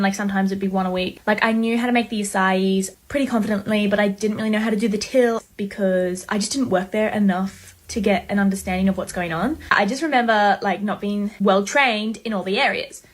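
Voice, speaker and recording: A young woman casually retelling a story about losing her first job, chatty and animated. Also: medium pitch.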